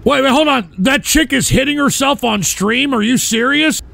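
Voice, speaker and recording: A man streaming live, commenting on a raid with mock concern and loud exclamations. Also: extremely high pitch, moderate pace, vocal fry. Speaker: streamer reacting to raids.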